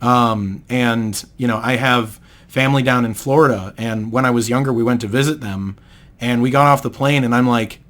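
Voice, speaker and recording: A man's voice: mid-range voice, steady tone, normal speed, fairly bright tone. Patient, explaining man. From New England, United States. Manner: explains patiently, with many fillers and restarts. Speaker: podcast host. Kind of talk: casual podcast chat.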